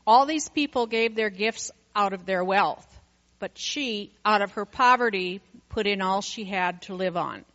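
A woman reading a Bible passage aloud in a measured, steady way. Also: mid-range voice, long reverb tail, highs cut off. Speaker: scripture reader. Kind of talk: scripture reading.

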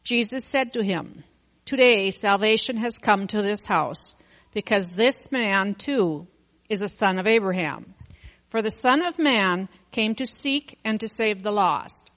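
A woman reading a Bible passage aloud in a measured, steady way. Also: mid-range voice, big-room sound, lo-fi sound. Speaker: scripture reader. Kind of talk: scripture reading.

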